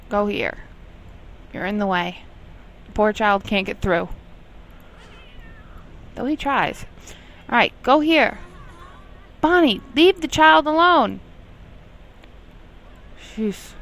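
A woman's voice: medium pitch, creaky, fairly bright tone, a little hiss or hum, poor audio. A young woman casually commenting on her life-sim game, chatting to herself and scolding her characters in exasperated asides. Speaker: gameplay commentator. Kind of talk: casual let's play commentary.

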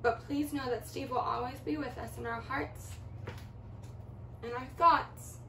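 A woman teacher gently reading a letter aloud to children, then speaking to them, heard from far off in an echoey room. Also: high-pitched, steady tone, unhurried, slight background noise.

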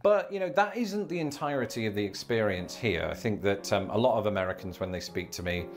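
A man with an English accent speaking in a vlog, measured and wry, with a dry self-deprecating humour. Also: fairly low pitch, lively intonation, faint music behind. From England. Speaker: vlogger. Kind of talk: talking-head vlog monologue.

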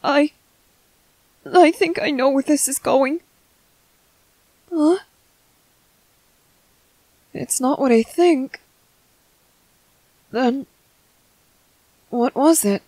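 A woman voicing a tender young man comforting his partner in a whispered role-play, speaking softly, slowly and reassuringly. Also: high-pitched, dry recording, rough recording. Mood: alarmed. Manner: soft, slow, reassuring.

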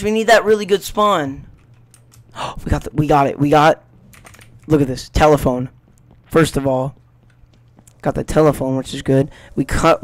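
Excitable gamer trash-talking. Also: medium pitch, no room sound. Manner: excitable, swings between loud outbursts and hushed mutters; playful trash talk at the game. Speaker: gaming YouTuber. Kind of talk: let's play commentary.

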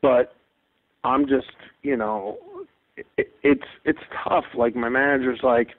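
A man in his forties, a comedian guest in casual podcast chat, telling animated stories, acting out quotes and swearing freely. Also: medium pitch, slow. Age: 40s. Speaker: stand-up comedian and actor guest. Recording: tinny phone-line sound.

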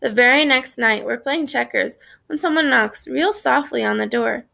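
A woman's voice: a little high, moderate pace, creaky, pushed and bright. A woman narrating a children's story in the first person, reading expressively. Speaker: audiobook narrator.

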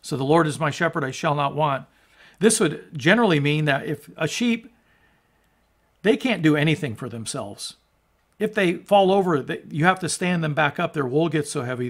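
A man's voice: on the high side, lively intonation, normal speed, creaky. A man preaching a sermon as a pastor, emphatic and conversational, asking his listeners rhetorical questions. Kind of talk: sermon on scripture.

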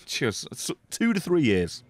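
A man streaming a video game, chatting and swearing excitedly, swinging from low mutters to sudden yelps. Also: measured pace, very noisy. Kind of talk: casual gameplay commentary.

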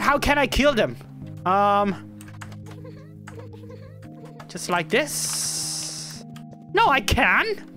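Excitable woman narrating gameplay, lively pitch. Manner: excitable, yelling at game characters, frequent laughter. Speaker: gaming YouTuber. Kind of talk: casual gameplay commentary.

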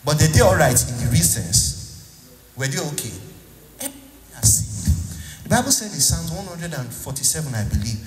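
A man's voice: on the high side, very animated, a little fast. A man preaching a sermon as pastor, prompting the congregation to answer him back. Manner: call-and-response with the congregation, repeating "Eh?". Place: church hall. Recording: echoey hall, faint music.

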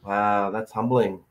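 A man's voice: on the low side, phone-quality sound. A man hosting a casual podcast interview, chatting and reading out viewer comments. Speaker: podcast host.

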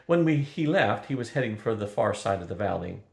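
A man's voice: lowish voice, very animated, brisk, gravelly. An older man reading a practical young princess, matter-of-fact, storybook, roomy echo.

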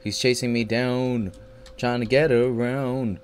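A man's voice: medium pitch, fairly even intonation, slow, a little hiss or hum. A man giving live gameplay commentary, swearing constantly and swinging between panicked yelps and frustrated grumbling. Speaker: gaming channel host.

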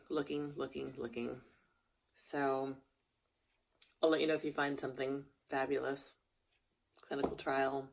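Low, gravelly woman telling a story. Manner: chatty, animated, rambling. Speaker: vlogger. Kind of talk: casual storytelling vlog.

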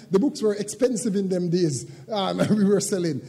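Older preacher in a reverberant church. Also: male voice, high voice, slightly rough. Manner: swings from quiet, halting reflection to loud shouted preaching. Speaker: pastor. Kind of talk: sermon. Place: church sanctuary.

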